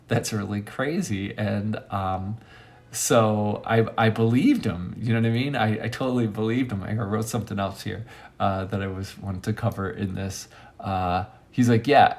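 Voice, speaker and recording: A man with a gravelly, lowish voice tells a rambling story in a casual monologue. He jumps into sudden high squeaks to quote friends and drops to quiet, near-whispered asides. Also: normal speed. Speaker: monologue host.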